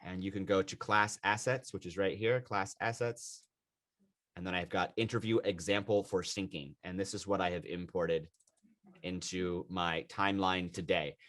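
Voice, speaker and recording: Emphatic low-voiced male teacher. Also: steady tone, normal speed, fairly bright tone. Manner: emphatic, repeats himself for stress. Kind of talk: classroom video editing lesson. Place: classroom.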